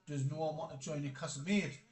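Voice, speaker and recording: A man's voice: on the high side, fairly even intonation, fast, echoey room. A Geordie man doing a casual football live stream, bantering and laughing while reading out chat.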